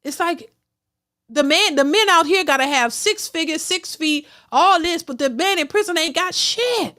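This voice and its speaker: A woman's voice: very high voice, lively intonation, normal speed, bright, forceful tone. A woman hosting a casual livestream, reading out super chats and giving her blunt opinions, with lots of restarts and repeated phrases. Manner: outspoken, repeats herself, frequent restarts. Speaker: host of a reaction livestream.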